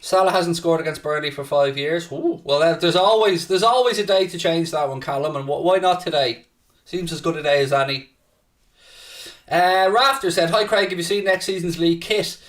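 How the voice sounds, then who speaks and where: A man's voice: fairly high pitch, moderate pace, a bit bright. Guy hosting a footy watchalong stream, talky, reads out chat msgs, bit far from the mic. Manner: chatty, reads viewer messages aloud, swears when worked up. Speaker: host of a live football watchalong. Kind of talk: casual live-stream chat.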